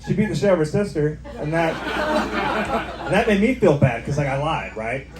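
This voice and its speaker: A man's voice: a little high, big pitch swings, fairly quick, a loud crowd. A young man doing a stand-up set in a bar, rambling casually and tossing in lots of "like" and "right?". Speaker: stand-up comedian. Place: bar with live audience. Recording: echoey bar with background noise.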